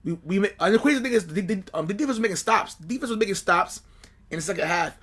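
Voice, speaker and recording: A man's voice: high voice, animated, fast, a bit bright. A man co-hosting a casual sports podcast, talking animatedly and with frustration, repeating himself as he complains about his team. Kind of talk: casual fan chat.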